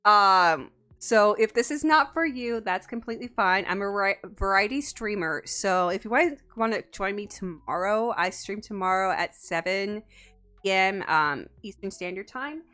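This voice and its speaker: Giggly bright-voiced woman streamer. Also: medium pitch, animated, normal speed. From United States. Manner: giggly, playful, teasing chat. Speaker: VTuber streamer. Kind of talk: casual live-stream chat.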